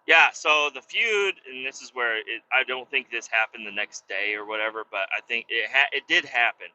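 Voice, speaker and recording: A man's voice: medium pitch, fairly even intonation, fairly quick, bright, forceful tone, highs cut off. A man hosting a podcast, telling a story in casual, profane, laid-back talk while driving a car. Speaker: podcast host.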